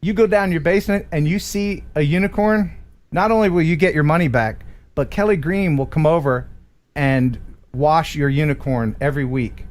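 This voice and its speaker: A man's voice: a little high, moderate pace. A man hosting a casual live stream, joking and reading chat messages aloud, with a Northeastern American accent. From tri-state area of the US Northeast. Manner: playful, jokey, reads chat messages aloud. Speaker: host of a live photography show.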